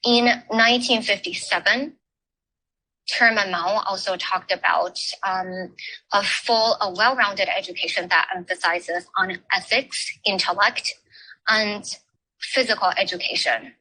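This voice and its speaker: A woman giving an academic talk at a forum, speaking haltingly with many filler pauses. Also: mid-range voice, bright, forceful tone, poor audio. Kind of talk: academic talk on education history.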